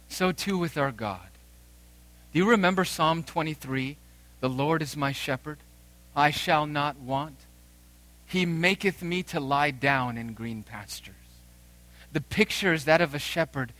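A man in his thirties preaching a sermon as pastor, emphatic with dramatic pauses and rising swells. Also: a little high, fairly bright tone, dry recording.

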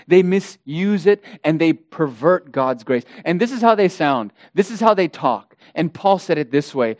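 A man's voice: on the high side, a little mellow, no echo. A male pastor preaching an impassioned sermon, hammering points through repetition and addressing the congregation as beloved.

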